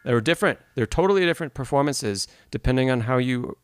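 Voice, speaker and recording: A man's voice: mid-range voice, lively intonation, fast. A man teaching piano in a live-streamed masterclass, explaining notation, answering chat questions and singing rhythms aloud.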